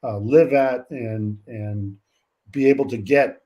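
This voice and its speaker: Mellow-voiced older coach, unhurried. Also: male voice, medium pitch. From California. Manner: measured and reflective, many "uh" pauses. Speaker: college track coach, guest. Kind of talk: casual interview talk.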